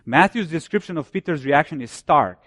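A man delivers a sermon in a somewhat high-pitched voice, stacking short repeated phrases for emphasis. He falls low and quiet when he cites chapter and verse. The sound is dry and close, with no room echo. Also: lively intonation, a little fast. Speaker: preacher.

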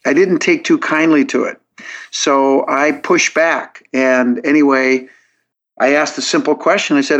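Here the man's pitch sits fairly high, with fairly even intonation, a measured pace and a slightly bright tone. Appearing as a podcast guest, he walks earnestly through his reasoning, often breaking off to restart sentences. Dull, lo-fi recording.

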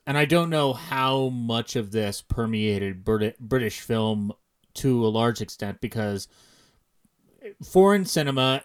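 An American man co-hosting a casual film podcast, thinking aloud in long digressive sentences full of restarts. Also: mid-range voice. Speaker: podcast co-host.

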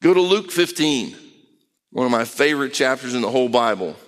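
A man preaching a conversational sermon, reading scripture aloud and acting out quick voices. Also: medium pitch, animated, in a large hall.

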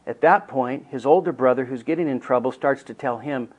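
A middle-aged man teaching counselors through a personal story in a mid-pitched voice. He speaks earnestly and shifts from quiet, hushed passages to emphatic ones. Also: brisk, rough recording.

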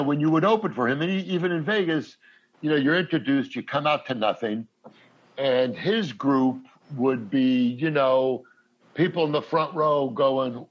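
A man telling a long, rambling anecdote as a guest, stopping and restarting his sentences as he goes. His voice is husky and a little breathy. The recording sounds dull and lo-fi. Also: medium pitch. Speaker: comedian guest. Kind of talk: casual storytelling.

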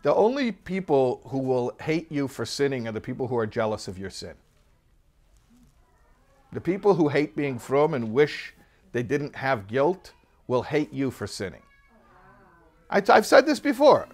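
A man teaching a religious text class, explaining ideas in an animated way and acting out little quoted voices. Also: mid-range voice, measured pace, long pauses. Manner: animated, acts out quoted people, many restarts. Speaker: Torah teacher. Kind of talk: classroom lesson.

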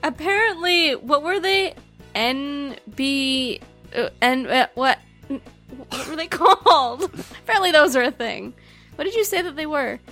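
Bright, giggly woman co-host. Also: high voice, expressive, measured pace, soft background music. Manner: giggly, teasing. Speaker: podcast co-host. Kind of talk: casual comedic chat.

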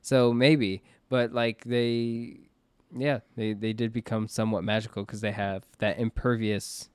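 Clear-voiced man hosting a podcast. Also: on the low side, flat delivery, unhurried, no room sound. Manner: rambling, restarts often. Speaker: podcast host. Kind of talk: casual podcast chat.

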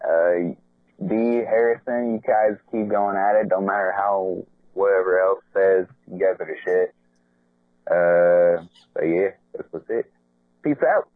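Rough-voiced Southern man on a phone line. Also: low voice, fairly even intonation, a little slow. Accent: Southern US, Tennessee. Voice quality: rough, gravelly. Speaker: caller. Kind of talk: voicemail to a podcast.

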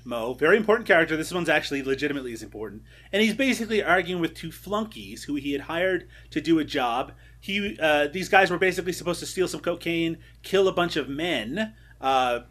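A man's voice: a little high, pushed and bright. A man co-hosting a podcast, recapping a movie in a playful, teasing way and laughing often. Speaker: podcast co-host. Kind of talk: casual chat about a movie.

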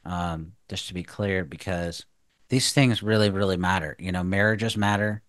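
A deep-voiced man co-hosts a faith talk show on marriage. He sounds earnest and a touch preachy, with lots of restarts and "you know." The sound is dry and close. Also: moderate pace, a bit bright, dry recording. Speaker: podcast co-host.

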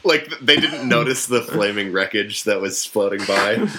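A man hosting a comedic podcast, teasing with quick interjections. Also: lowish voice, over a noisy crowd. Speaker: host. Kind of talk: casual comedic podcast chat.

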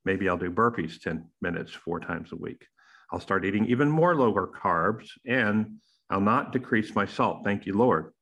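A middle-aged man hosting a podcast, reading a playful, emphatic intro with big jumps in pitch on key phrases. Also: animated, moderate pace, vocal fry, fairly bright tone, breathy edge. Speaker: podcast host.

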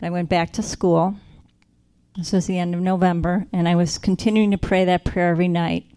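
A woman's voice: on the low side, flat delivery, warm tone, clean tone. Earnest woman telling her faith story. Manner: earnest, reflective, slows down for emphasis. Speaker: speaker sharing her faith testimony. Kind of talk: personal testimony storytelling.

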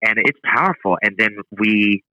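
A man's voice: fairly low pitch, normal speed, sharp tone, no room sound, rough recording. A man appearing as a guest on a podcast, chatting casually and agreeably about a comic book. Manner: agreeable, easygoing, thinks aloud.

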